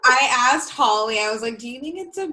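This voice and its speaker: Woman, late 20s, hoarse, bright tone, fairly high voice, giggly casual chat. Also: lively intonation, a little fast. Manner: giggly, chatty. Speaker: podcast co-host. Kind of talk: casual live-stream chat. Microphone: built-in laptop mic.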